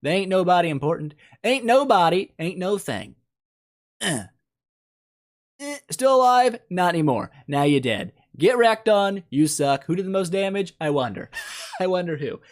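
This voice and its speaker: A man's voice: sits high, expressive, moderate pace. A man giving casual gameplay commentary as a mobile game YouTuber, joking and teasing the characters in a playful, mock-insulting way.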